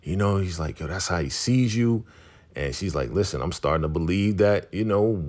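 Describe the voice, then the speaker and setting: A man's voice: low voice, animated, moderate pace, darkish tone. A man casually recapping a TV episode, quoting the characters in loose street slang. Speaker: recap host.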